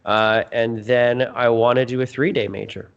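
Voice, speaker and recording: A man's voice: mid-range voice, steady tone, moderate pace, creaky, smooth, dull audio. A man from Canada who organizes events, laying out his plans plainly on a casual podcast.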